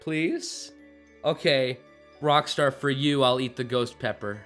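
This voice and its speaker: A streamer and voice actor chats casually on a live stream about voice acting, rambling, poking fun at himself, and bursting into laughter. His mid-range voice is fairly bright and slow-paced, picked up by a streaming microphone with faint music in the background.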